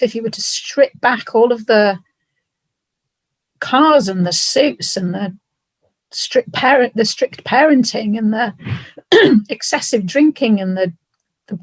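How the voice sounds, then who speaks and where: Husky-voiced woman sharing a personal story. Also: fairly high pitch, no echo. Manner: reflective, halting, tearful at times. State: emotional. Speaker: podcast guest. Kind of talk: emotional personal conversation.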